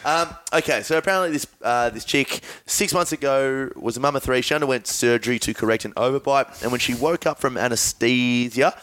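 A man with a steady mid-range voice hosts a casual podcast with a wry, joking edge. The recording is dry and close, with no room sound. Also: mid-range voice, brisk, few pauses, no echo. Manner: wry, jokey delivery. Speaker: podcast host. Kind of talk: casual podcast banter, reading news bits.

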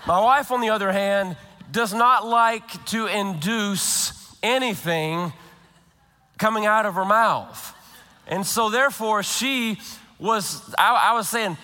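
Bright, high-voiced pastor in echoing hall. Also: male voice. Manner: animated, humorous storytelling with quick restarts. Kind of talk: sermon with prayer and storytelling.

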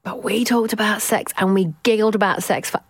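A woman's voice: mid-range voice, husky, no room sound. Chatty woman, dry close sound. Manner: chatty storyteller, self-mocking, quick to laugh. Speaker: podcast co-host. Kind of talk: casual chat.

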